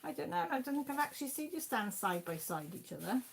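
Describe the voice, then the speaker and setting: A woman's voice: high voice, very animated, quick pace, creaky, slight background noise. Chatty Welsh woman in her fifties. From Wales. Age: 50s. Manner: chatty, laughs often, reads out names from the chat. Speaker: livestream host. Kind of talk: casual chat reading viewer comments.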